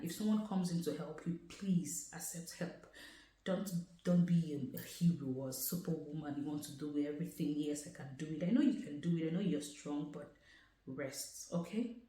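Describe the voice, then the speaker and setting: A woman's voice: low-pitched, mellow, roomy sound, rough recording. A woman vlogger talking earnestly and conversationally about her own experience, with many casual fillers. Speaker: vlogger sharing a personal story. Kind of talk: casual personal talk to camera.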